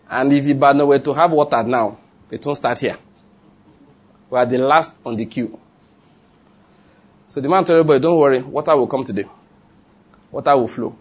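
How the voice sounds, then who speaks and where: A man with a Nigerian accent, preaching a sermon and telling stories, animated and laughing, with call-and-response. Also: medium pitch, breathy edge. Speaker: pastor. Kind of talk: sermon with storytelling.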